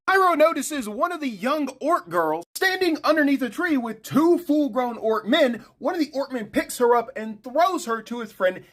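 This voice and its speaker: An animated storyteller recounts a tabletop campaign in a casual, chatty way. The voice swings widely in pitch and pops into brief character voices for quoted lines. It has a mid-height pitch that does not clearly sound male or female.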